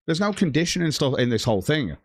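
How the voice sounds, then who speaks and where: This man talks fast and very animatedly, his voice a little high with a breathy edge, as he furiously rants on his stream, cursing constantly and reading out what chat says. The audio is clean studio sound with no room noise.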